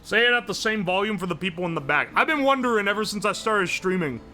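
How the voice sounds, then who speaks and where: A young man from West Virginia holds forth on his livestream, loud, profane and quick to joke. His voice sits high and rings very bright and sharp, a little worn from hours of yelling, with faint music playing under him. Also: lively intonation. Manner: loud, profane, joking, yells a lot. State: sore throat from streaming. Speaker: streamer. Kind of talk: casual livestream chat reading chat.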